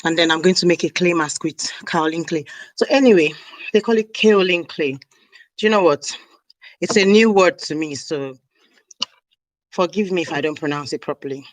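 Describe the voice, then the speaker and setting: A woman's voice: fairly low pitch, moderate pace, dry recording, poor audio. A woman chatting casually on a live stream, rambling and snacking as she talks. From Nigeria (South South). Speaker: hair care vlogger. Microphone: camera mic on a live stream.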